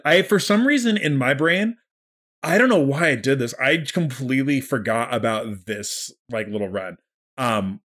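A man's voice: mid-range voice, fairly bright tone. A man co-hosting a podcast, chatting loosely about a manga with many fillers and quoted character lines. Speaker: podcast co-host. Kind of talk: casual chat recapping a manga.

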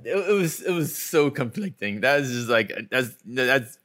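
A man's voice: medium pitch, lively intonation, normal speed, a bit bright. A man from Houston on a sports panel, telling stories with stammering restarts and chuckles. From Houston, Texas. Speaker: reporter and podcast panelist. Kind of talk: casual sports chat.

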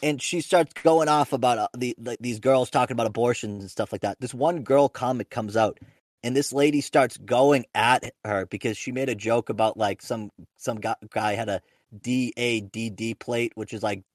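Speaking at normal speed in a medium pitch, a young comedian and podcast host rambles through crude anecdotes, cutting himself off and starting over again and again. The recording is dry and studio quality, and the talk is casual podcast storytelling.

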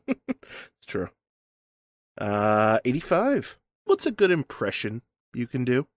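A male host with a very animated, swooping delivery asks questions in turn. He is playful and encouraging, keeping the chat light. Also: mid-range voice, slow pace, no room sound. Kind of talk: casual interview questions.

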